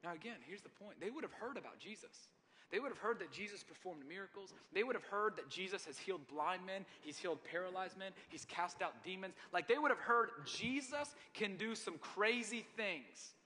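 A man's voice: high voice, expressive, brisk, sharp tone, slight background noise. A man preaching a sermon as a pastor, in a humorous, conversational storytelling manner. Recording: long hall reverb.

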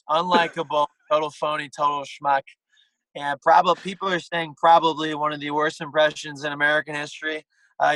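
A man's voice: fairly high pitch, sharp tone, low-quality recording. A man putting on a brash, boastful older male politician who piles on insults and superlatives. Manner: bragging, insulting, repetitive superlatives.

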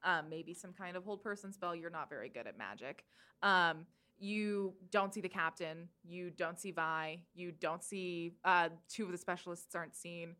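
Bright-voiced woman running a tabletop game. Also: on the low side, moderate pace. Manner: casual, laid-back narration with many fillers. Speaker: game master.

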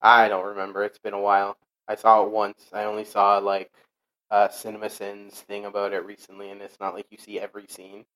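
A young man with a low voice talks loosely in a relaxed conversation. He rambles and keeps restarting his sentences, piling up fillers as he goes. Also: a little fast, rough recording. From Portuguese heritage. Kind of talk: casual chat.

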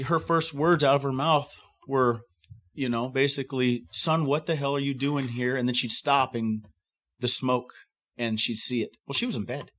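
Fire captain telling a halting story. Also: male voice, mid-range voice, a bit bright. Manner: halting storytelling with many fillers and restarts; acts out quoted voices of others. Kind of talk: recounting a wildfire evacuation.

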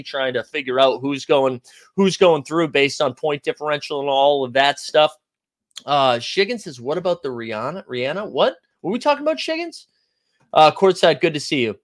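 A man's voice: fairly high pitch, a bit bright. A young man hosting a casual basketball talk show, rambling, swearing and answering his live chat as he goes. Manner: rambling, profane, reacts to chat. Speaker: podcast host.

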